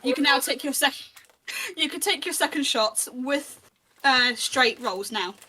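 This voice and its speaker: A woman's voice: high voice, a little slow, bright, forceful tone. A woman narrating as game master of a tabletop game, in a chatty, descriptive way with small restarts.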